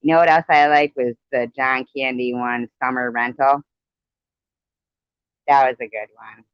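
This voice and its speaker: A woman's voice: a bass voice, steady tone, a little slow, clean tone, dry recording. Rambling woman on a dull lo-fi live stream. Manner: rambling, chatty movie reminiscing. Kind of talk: casual chat.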